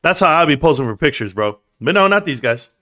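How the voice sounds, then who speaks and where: A man's voice: on the high side, fast. A man hosting a casual livestream, talking loosely in slang and reading out chat comments. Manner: loose, slangy, animated, reads chat aloud. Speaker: livestream host.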